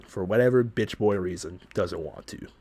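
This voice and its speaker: A man's voice: lowish voice, normal speed, dry recording. Guy on a podcast telling a story, swears a lot, gets worked up, mic real close and dry. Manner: profane, animated storytelling with laughs. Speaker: podcast host.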